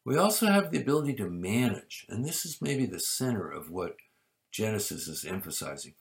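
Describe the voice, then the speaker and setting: Low gravelly guy giving a sermon, slow careful build then loud emphatic bits. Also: very animated. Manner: measured preaching with emphatic rises and soft drops. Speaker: pastor.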